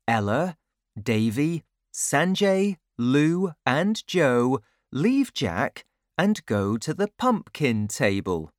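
Slow, low-voiced woman reading a storybook. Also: big pitch swings, no room sound, clean studio sound. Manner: slow, clear, carefully paced reading. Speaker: narrator. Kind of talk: storybook narration for children.

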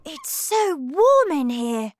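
Woman doing a shrill excited boy. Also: takes it slowly, slight background noise, heavily acted. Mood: amazed. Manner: shrill, breathless shouting.

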